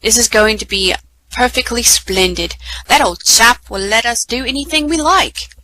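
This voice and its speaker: A woman's voice: a little high, moderate pace, pushed and bright, low-quality recording. A woman voicing a confident eldest boy in a storybook reading, hearty and sure of himself. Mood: eager.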